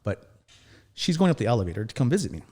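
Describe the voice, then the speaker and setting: A man's voice: medium pitch, sing-song, fast, dark tone, slightly rough. A man in his thirties, a firefighter and podcast guest, telling his story casually, acting out quoted dialogue and swearing now and then. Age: 30s.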